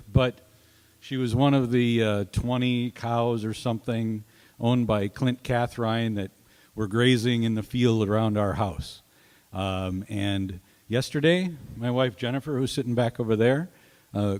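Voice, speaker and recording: A man introducing his songs at an open mic, soft-spoken and halting, pausing often, speaking into a stage microphone. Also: medium pitch. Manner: soft-spoken, halting, with many pauses and fillers. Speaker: singer-songwriter performing at an open mic. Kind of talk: casual stage talk between songs. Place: small arts venue stage, indoors. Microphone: stand microphone on stage. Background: guitar playing.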